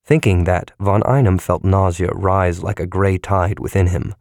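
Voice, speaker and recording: A man reading a science fiction novel aloud in a measured, even narration. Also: low-pitched, creaky, no room sound, clean studio sound. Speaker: audiobook narrator. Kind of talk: scripted narration.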